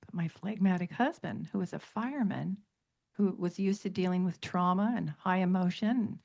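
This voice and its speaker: A woman's voice: lowish voice, moderate pace, gravelly, darkish tone. A middle-aged woman, an author guesting on a radio talk show, telling stories emphatically and reeling off long lists. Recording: dull lo-fi radio audio.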